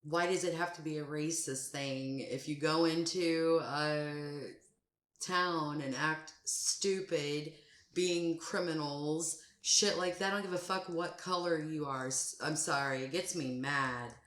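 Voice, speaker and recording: Blunt low-voiced woman, echoey room. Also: steady tone, takes it slowly, fairly bright tone. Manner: blunt, swears freely, heated. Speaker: music reaction host. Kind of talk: casual reaction commentary.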